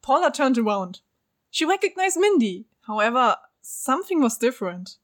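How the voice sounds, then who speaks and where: Casting: high, lively woman narrating a story casually among friends, giggly and chatty. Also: moderate pace. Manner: giggly, chatty, reads with breaks for jokes. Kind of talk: casual read-aloud with friends.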